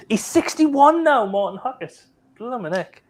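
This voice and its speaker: A man's voice: very high voice, expressive, takes it slowly. A man in his forties hosting a casual live-stream chat, joking and teasing his guests. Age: 40s. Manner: jokey, teasing. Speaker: host.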